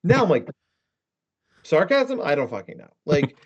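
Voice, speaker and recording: A man's voice: on the high side, very animated, fast talker, breathy edge. Rambling man on a muffled line. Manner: rambling, lots of fillers and asides. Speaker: podcast guest, therapist. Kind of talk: casual podcast chat.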